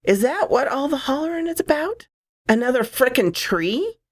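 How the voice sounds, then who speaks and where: Lady doing a dismissive annoyed guy, scoffing, higher than you'd think. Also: big pitch swings, normal speed.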